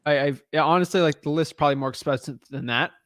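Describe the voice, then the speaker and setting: Blunt guy giving real estate advice, keeps saying dude, kinda high voice, dry. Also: fast talker, a bit bright, dry recording. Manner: blunt, frank, says man and dude a lot. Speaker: real estate wholesaling coach. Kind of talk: casual coaching call.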